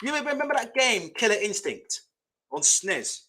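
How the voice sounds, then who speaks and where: A man's voice: high-pitched, big pitch swings, a little fast, pushed and bright. A young man hosting a casual boxing live stream, blunt and swearing, often laughing as he rants. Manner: blunt, swearing, laughs a lot while ranting. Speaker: boxing channel host.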